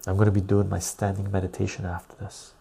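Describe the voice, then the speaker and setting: A man hosting a soft-spoken ASMR live stream, reading out song lyrics from viewers in a slow, quiet way, his voice going rough and cracking. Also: deep voice, completely flat delivery, slight background noise.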